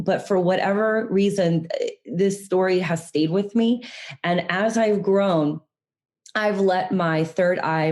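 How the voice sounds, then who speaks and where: Woman, interview guest, low pitch, earnest, reflective storytelling, video call. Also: darkish tone. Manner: earnest, reflective, sometimes slows down. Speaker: guest mindset coach.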